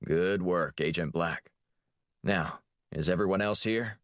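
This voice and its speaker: Man reading gruff older spy boss, blunt, deep, dry sound. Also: takes it slowly, no echo. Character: brusque older male spy chief, cigar lover.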